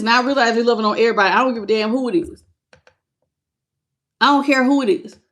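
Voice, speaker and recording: Blunt, sassy woman reading tarot. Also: on the high side. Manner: blunt, sassy, calls viewers baby and honey; greets live chat viewers by name. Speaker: tarot reader. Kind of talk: live tarot reading, casual chat.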